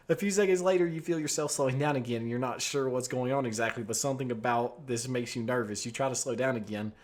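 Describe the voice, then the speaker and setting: A young man streaming a text adventure, reading the story aloud and rambling through his own commentary, swearing and filling with "like". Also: mid-range voice. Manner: rambling, filler-heavy, swears and laughs often. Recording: faint background music.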